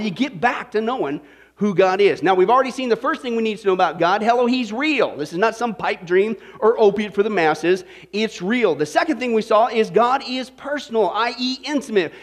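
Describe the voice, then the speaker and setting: A male pastor preaching a Bible study, telling a joke and firing questions at the congregation by name. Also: high-pitched. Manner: animated, quizzes the congregation by name. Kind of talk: sermon with joke.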